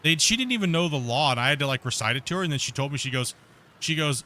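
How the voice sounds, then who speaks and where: A slightly high-voiced man talks fast as he hosts a live stream, telling a long, rambling tale in casual voice chat. It's an animated anecdote crowded with fillers and restarts.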